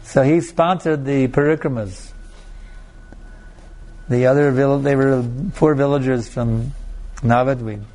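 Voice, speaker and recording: A man's voice: medium pitch, fairly even intonation, a little slow, long pauses, dark tone. A man as a spiritual teacher telling stories and answering audience questions, with many restarts and laughs. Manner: storytelling with frequent restarts and laughs.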